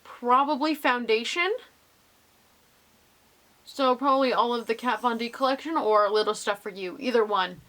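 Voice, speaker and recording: A woman's voice: fairly high pitch, normal speed, pauses often, a bit bright. A young woman casually answering viewer questions in a vlog, bubbly and gushing with lots of ums.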